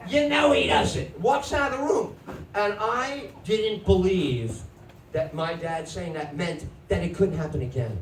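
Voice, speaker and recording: A middle-aged man tells a stand-up story on a comedy club stage, acting out family voices and shouting the big moments. His pitch swoops widely. He is picked up from a distance in an echoey room with audible noise. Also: unhurried. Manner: animated, acts out family voices, shouts punchlines.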